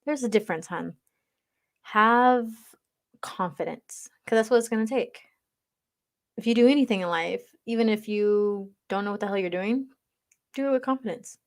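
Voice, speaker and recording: A woman's voice: mid-range voice, normal speed, pauses often. Chatty woman on a livestream. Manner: chatty, teasing, reads comments aloud. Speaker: livestream reader. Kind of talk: casual livestream chat with viewers.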